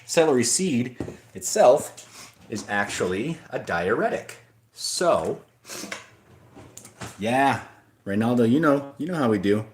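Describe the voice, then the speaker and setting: A man's voice: mid-range voice, a little mellow, a little hiss or hum. Rambling man chatting on a livestream. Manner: rambling, with frequent restarts and asides. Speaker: livestream host. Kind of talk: casual livestream chat, reading viewer comments.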